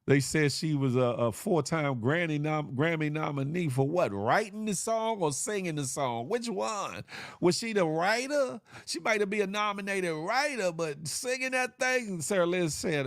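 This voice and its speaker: A man's voice: fairly high pitch, lively intonation, moderate pace, creaky, dry recording, studio quality. A man hosting a live online show, chatting casually with viewers in a loose, joking way, full of slang and sound effects. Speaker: livestream show host.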